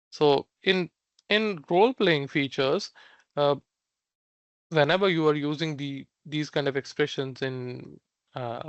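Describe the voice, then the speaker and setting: A man's voice: a little high, a bit bright, smooth, no echo, highs cut off. A young man teaching a language class online, recapping the lesson with many fillers and restarts.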